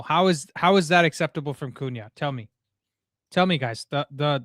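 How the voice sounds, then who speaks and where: A man's voice: a little high, fairly bright tone, dry recording, clean studio sound. Fuming man ranting over a football match. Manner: frustrated ranting with swearing and stammered restarts. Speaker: football watchalong host. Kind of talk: live match reaction. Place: home room.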